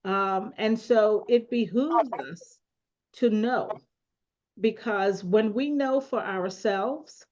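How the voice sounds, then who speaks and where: A woman moderating a panel discussion on a call, speaking deliberately and often adding a rhetorical "right?". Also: mid-range voice, darkish tone, highs cut off.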